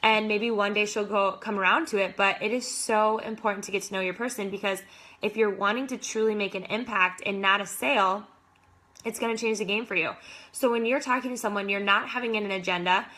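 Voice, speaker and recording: A woman's voice: mid-range voice, steady tone, a little fast, pushed and bright. A young adult woman, a fitness coach, giving enthusiastic, casual motivational advice to other coaches with lots of "like".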